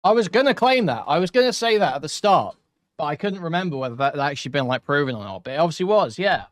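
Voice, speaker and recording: A man reacting to online posts in a loud, animated commentary style, swearing freely as he goes. His voice sits a little high for a man. He is recorded on a studio mic in a room with sound deadening. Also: quick pace. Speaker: commentary host.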